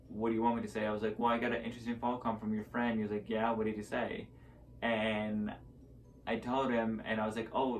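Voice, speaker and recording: A man's voice: lowish voice, recorded from a distance, slight background noise, low-quality recording. A young man telling a story to a camera at home in a rambling, casual way, full of fillers, and acting out both sides of each conversation. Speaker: vlogger.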